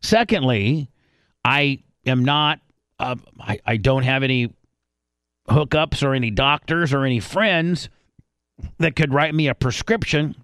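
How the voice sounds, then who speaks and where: A man's voice: mid-range voice, unhurried, fairly bright tone, clear, resonant tone, dry recording, clean studio sound. A man hosting a radio show, talking casually and crudely, rambling with many restarts.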